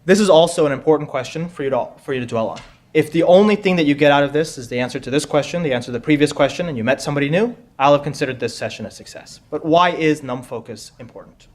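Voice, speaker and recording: A man with a somewhat high voice hosts a quiz for a room full of people. He is chatty and jokey, doubling back on his words as he goes. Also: fast talker. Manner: joking, chatty, repeats himself. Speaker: quiz host. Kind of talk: live conference pub quiz hosting. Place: conference room with audience.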